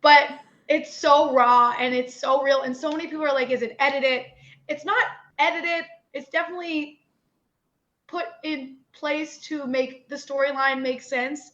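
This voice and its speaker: A woman's voice: sits high, fairly even intonation, normal speed, bright, forceful tone. A young woman from Newfoundland with a Newfoundland accent, talking candidly and animatedly as an interview guest, full of "like" and "you know". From Newfoundland, Canada. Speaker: podcast guest. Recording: dull lo-fi audio.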